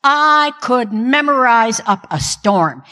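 Older woman, Christian speaker, higher voice, self-mocking humor, long hall echo. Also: animated, takes it slowly, pushed and bright. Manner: self-deprecating, comic timing. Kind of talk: humorous inspirational talk. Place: stage in a large hall.

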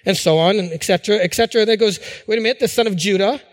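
Middle-aged male pastor, high voice, chatty sermon delivery with restarts, long hall reverb. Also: very fast. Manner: conversational preaching with fillers and restarts.

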